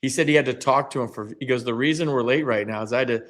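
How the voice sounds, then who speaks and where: Animated storytelling man, casual chat. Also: mid-range voice, fast. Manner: animated storyteller, acts out quotes. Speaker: former baseball player and co-host.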